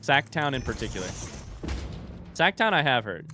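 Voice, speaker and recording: Young male streamer from the US, mid pitch, rambling and self-deprecating, talks to chat while gaming. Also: sing-song, moderate pace, slight background noise. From United States. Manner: rambling, distracted, self-deprecating, thinks out loud.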